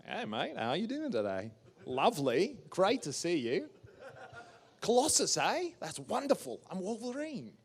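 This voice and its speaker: A man putting on a relentlessly friendly, cheerful male actor colleague with bright, overly nice greetings. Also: high-pitched, huge pitch swings, measured pace, voice pushed up, full character voice. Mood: cheery.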